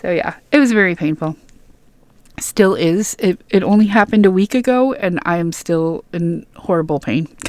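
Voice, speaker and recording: A woman's voice: mid-range voice, a little mellow, dry recording. A young woman reading game patch notes aloud and rambling between them in casual, chatty commentary full of fillers and restarts. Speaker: gaming YouTuber.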